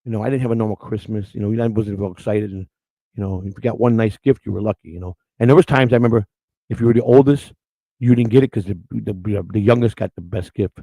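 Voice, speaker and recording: A man's voice: lowish voice, quick pace, warm tone, no room sound, poor audio. A middle-aged man hosting, telling rambling stories in a casual, outspoken way with many restarts. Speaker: host. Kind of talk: casual storytelling on camera.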